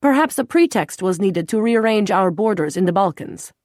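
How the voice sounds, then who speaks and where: In this audiobook scene a gruff male Russian intelligence officer, put on by a woman narrator, talks down to the men around him. He snarls his words and sounds blunt and threatening. The voice sits fairly low and the recording is dry and close. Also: animated, unhurried, darkish tone, no room sound. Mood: menacing.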